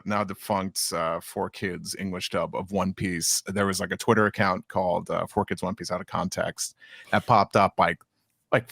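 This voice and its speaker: A man with a fairly low voice chats loosely as a podcast co-host. He stumbles and restarts often and leans on fillers. The sound is dry and close, with no room echo. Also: vocal fry, a bit bright. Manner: chatty, many restarts and "you know" fillers. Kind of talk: casual chat.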